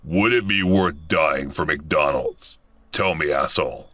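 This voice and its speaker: A man's voice: a bass voice, measured pace, sharp tone, no echo, pitched below the performer's own voice, heavily acted. A man voicing a menacing armed robber boss who barks contemptuous orders in a storytelling video. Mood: threatening.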